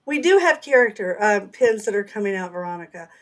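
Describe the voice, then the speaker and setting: A woman's voice: medium pitch, big pitch swings, a little fast. A middle-aged woman with a Southern accent, co-hosting a casual chat and laughing often. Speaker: author and co-host.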